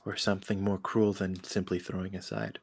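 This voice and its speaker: A man voicing a courteous, formal male adventurer who questions a stranger in a tabletop game, speaking in measured, polite sentences. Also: low voice, little pitch movement, gravelly, slightly rough, exaggerated voice. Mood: calm, probing. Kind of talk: in-character tabletop role-play.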